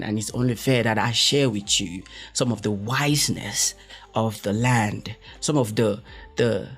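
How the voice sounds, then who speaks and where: Speaking with a breathy edge at a medium pitch, this young podcast host from West Africa runs a laid-back solo show. He wanders off topic, corrects himself, cracks jokes, and acts out quoted reactions with exclamations.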